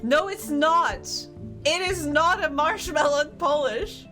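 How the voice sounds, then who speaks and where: A young woman streaming a game live, chatting casually, excitable and often laughing. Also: high-pitched, unhurried, faint music behind.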